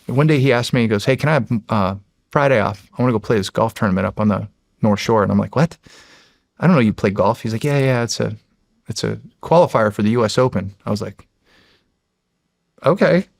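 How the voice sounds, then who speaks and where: American guy in his 40s, chatty guest story, gravelly voice, dry close sound. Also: fairly low pitch, fast talker, dry recording. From United States. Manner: animated, re-enacts dialogue, laughs often. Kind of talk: casual storytelling.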